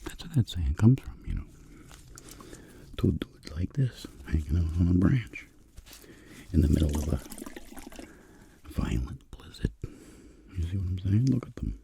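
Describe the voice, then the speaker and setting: Very low, gravelly man's voice drifting into whispers as he narrates soft-spoken ASMR. His tone is dark and mellow, while his pitch roams widely as he rambles and jokes in hushed asides. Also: big pitch swings, unhurried, long pauses, slight background noise. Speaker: ASMR creator.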